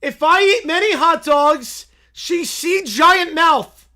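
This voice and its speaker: A man voicing a dim-witted, boastful male bear who speaks in slow, broken caveman-style English. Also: very high-pitched, pushed and bright, pitched above the performer's own voice, full character voice.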